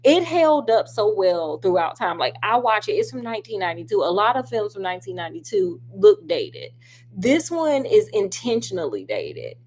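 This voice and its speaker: A woman's voice: medium pitch, very animated, moderate pace, darkish tone, husky. A woman reviewing a film in a casual, sassy, chatty way. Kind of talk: casual chat.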